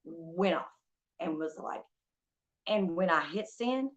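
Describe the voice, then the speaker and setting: A woman's voice: fairly low pitch, expressive, takes it slowly. A young woman streamer telling a story in a heated, profane rant, venting about a stolen ring. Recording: dull lo-fi stream audio.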